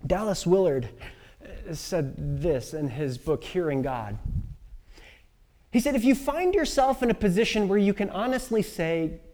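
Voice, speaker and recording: A man preaching a sermon, swinging between loud emphatic lines and hushed, near-whispered passages. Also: sits high, sing-song, unhurried, in a large hall. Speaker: pastor.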